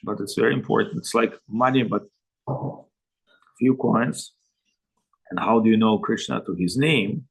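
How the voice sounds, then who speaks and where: Gravelly-voiced male spiritual teacher. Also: mid-range voice, poor audio. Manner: anecdotal and joking, with halting, broken phrasing. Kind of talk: spiritual talk answering questions. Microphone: video call.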